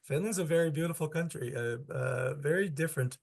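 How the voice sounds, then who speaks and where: A man's voice: a little high, fairly quick, vocal fry, darkish tone. Rambling man telling stories with laughs. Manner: rambling storyteller, laughs often. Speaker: comedian podcast co-host. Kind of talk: casual podcast chat.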